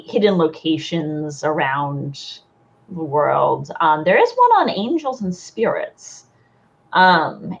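A woman narrating as game master in a tabletop game, relaxed and halting, with many fillers. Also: lowish voice, lo-fi sound.

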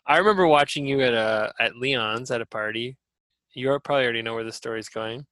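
A man co-hosting a podcast, telling stories in a loose, animated way with frequent laughs and casual swearing. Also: mid-range voice, quick pace, no room sound. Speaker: podcast co-host. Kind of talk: casual chat.

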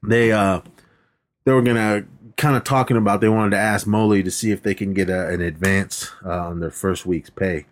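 A man's voice: lowish voice, steady tone, normal speed. An American man co-hosting a podcast, casually recapping movie scenes. He laughs often, swears freely and restarts sentences as he tries to remember what happened. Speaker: podcast co-host.

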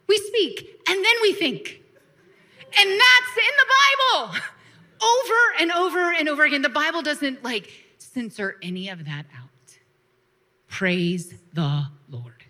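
A woman pastor preaching a lively sermon, laughing now and then and calling for responses from the congregation. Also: sits high.

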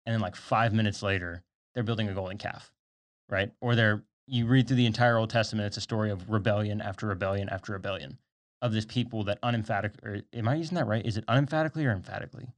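A man's voice: lowish voice, fast talker. A young man in his twenties, a podcast co-host in a studio, chatting casually about faith and explaining at length with side notes.

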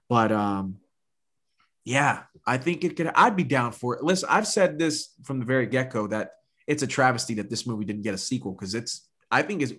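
A man chatting casually as a podcast co-host. His pitch sits mid-range, and he talks with hype and slang, often restarting his sentences as he gets excited. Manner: enthusiastic, slangy, lots of restarts.

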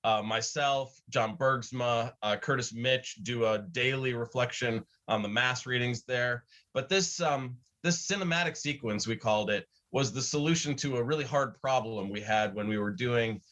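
A guest from a Bible study center appears on a talk show, explaining his views earnestly and reflectively in a conversational interview. His voice is medium in pitch and fairly bright, at normal speed with few pauses.

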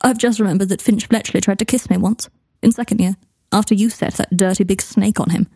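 A woman voicing a sharp-tongued, guarded young man with a dry, pointed delivery in a storybook reading. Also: mid-range voice, fairly even intonation, a little fast, husky, no room sound. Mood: teasing.

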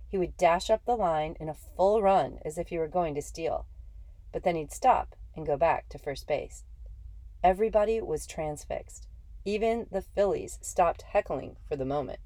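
A woman reading a first-person story aloud in a steady, measured way. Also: deep voice, dry recording. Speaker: audiobook narrator.

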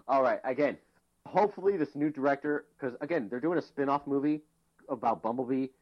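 A man's voice: mid-range voice, fairly quick. A man co-hosting a casual podcast, ranting animatedly and swearing a lot. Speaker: podcast co-host. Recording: dull lo-fi audio.

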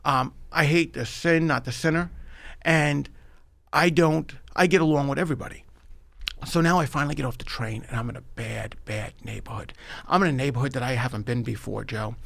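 A middle-aged man from New York with a New York accent, a podcast guest telling his life story in an animated, emphatic way. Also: mid-range voice, fairly quick, vocal fry, no room sound. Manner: animated, emphatic, addresses the host by name. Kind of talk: storytelling in a conversational interview.

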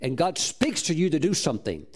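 A man's voice: fairly high pitch, big pitch swings, fairly quick. Fervent male pastor preaching. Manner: fervent, with exclamations of praise; repeats words while restarting phrases. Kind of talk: sermon storytelling.

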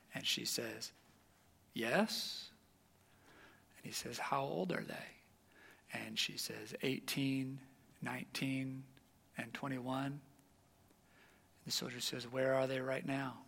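A man with a mid-range voice and vocal fry preaches a sermon, telling a story with animated energy and dropping to a hush at the tense moments.

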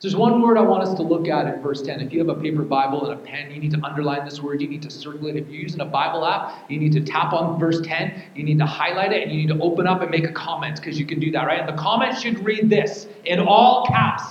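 A man's voice: a little high, fast talker, hardly any pauses. A man preaching a sermon, repeating key words and building to fervent, almost sung emphasis. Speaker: pastor. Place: church. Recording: echoey hall, dull sound.

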